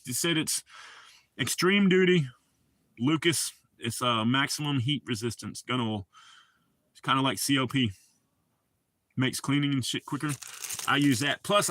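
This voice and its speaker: A Southern US streamer with a mid-range, slightly bright drawl talks slowly with long pauses, his mouth full of dip. He's laid-back in a loose, casual chat, swearing often and laughing a lot. The recording has no room sound.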